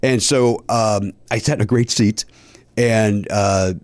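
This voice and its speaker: A man telling a long story in casual podcast chat, animated and a bit profane, with high mock voices for people he quotes. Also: slow pace, clear, resonant tone, no room sound. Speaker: podcast host.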